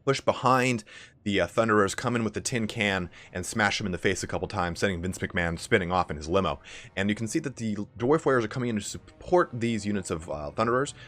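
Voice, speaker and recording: A young man with a raspy, allergy-hoarse voice giving casual play-by-play commentary on a strategy game match. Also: fairly low pitch, a bit bright. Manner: casual, fast-flowing play-by-play with fillers. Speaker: game caster.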